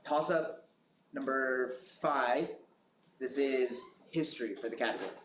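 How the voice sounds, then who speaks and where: A man moderating a school quiz bowl, reading questions slowly and carefully. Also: mid-range voice, fairly bright tone. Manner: slow, measured question reading. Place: school classroom. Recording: echoey room with noise.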